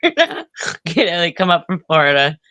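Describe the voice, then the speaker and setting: A woman from Pennsylvania co-hosting a casual livestream chat, speaking haltingly and often repeating words. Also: on the low side, big pitch swings, bright, forceful tone, no echo.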